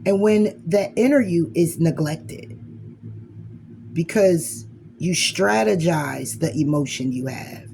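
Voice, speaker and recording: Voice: mid-range voice, takes it slowly, vocal fry, darkish tone, a little hiss or hum. A speaker giving a blunt, emphatic motivational monologue as a spiritual reader, swearing freely and acting out inner arguments in quoted voices.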